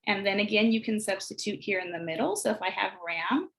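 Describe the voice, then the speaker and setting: An American woman demonstrating early literacy exercises, sounding out words slowly and deliberately. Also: mid-range voice. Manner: slow, deliberate sounding out of phonemes. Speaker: teacher trainer. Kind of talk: instructional screencast demonstration.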